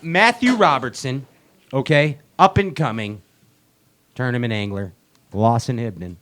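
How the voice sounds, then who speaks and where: A man's voice: mid-range voice, animated, unhurried, long pauses, very noisy. A man hosting a live show from a bar, joking with guests and announcing like a hype man. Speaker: show host. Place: bar venue with live audience.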